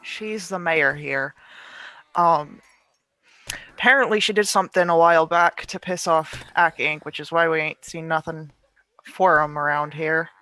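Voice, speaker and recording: A woman's voice: deep voice, fairly even intonation, unhurried, pushed and bright, no echo. A woman player describing her moves in a casual, chatty way with lots of fillers. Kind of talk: casual tabletop play.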